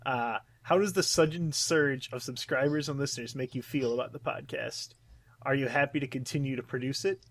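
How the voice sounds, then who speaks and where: A man's voice: medium pitch, fairly quick, fairly bright tone, dry recording. A young man hosting a podcast in casual chat, rambling and swearing freely. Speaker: podcast host.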